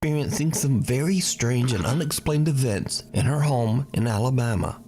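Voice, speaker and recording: Lively-pitched man narrating with suspense. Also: moderate pace. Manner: suspenseful storytelling. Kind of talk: scripted narration.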